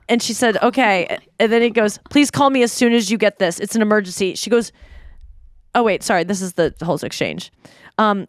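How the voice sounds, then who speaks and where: A woman's voice: mid-range voice, moderate pace, dry recording, studio quality. A woman in her thirties hosting a podcast in casual chat, telling stories and reading texts aloud with frequent giggles. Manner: giggly, animated storytelling, reads texts aloud. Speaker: podcast host.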